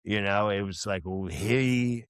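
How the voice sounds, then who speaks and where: This musician guest talks slowly in a smooth, lowish voice with no room sound around it. Earnest and reflective, he meanders through a personal story on a podcast, full of false starts and filler words.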